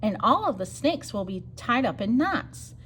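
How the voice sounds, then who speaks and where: A woman's voice: fairly high pitch, sing-song, moderate pace, a bit bright, a little hiss or hum. A woman doing an alarmed storybook zebra. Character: fretful striped zebra.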